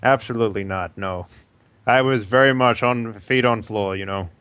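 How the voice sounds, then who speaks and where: A man's voice: medium pitch, normal speed, fairly bright tone, smooth, dry recording. Man, tabletop player, casual, hesitant, dry close sound. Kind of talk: tabletop game play.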